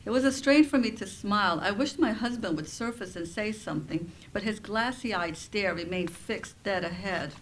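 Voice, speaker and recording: A woman reading her own nonfiction aloud at a campus event, her voice at an ordinary middle pitch. She tells the story in an expressive, wry way. Faint ambient noise hangs in the background. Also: normal speed, few pauses, poor audio. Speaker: professor and author. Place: campus writing center event.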